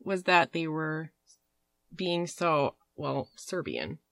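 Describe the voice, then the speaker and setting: A woman's voice: low voice, very animated, slow pace, gravelly, a bit bright, no echo. A woman hosting a podcast, telling a story in a rambling, casual way with fillers and swearing. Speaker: podcast host.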